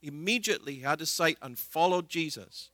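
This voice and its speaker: A man's voice: a little high, expressive, a little fast, bright, forceful tone, no room sound. A man preaching a sermon in an earnest way, retelling scripture scenes and voicing the people in them.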